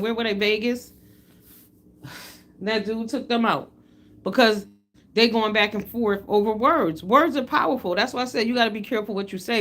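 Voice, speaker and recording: A woman's voice: a little high, fairly bright tone. A middle-aged woman from the United States, hosting a casual livestream and talking bluntly and animatedly, with free swearing. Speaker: livestream host.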